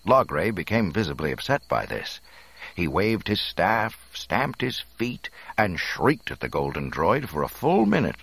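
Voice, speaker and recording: A man narrating a storybook in an expressive, dramatic reading. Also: low voice, measured pace, vocal fry, husky, dry recording.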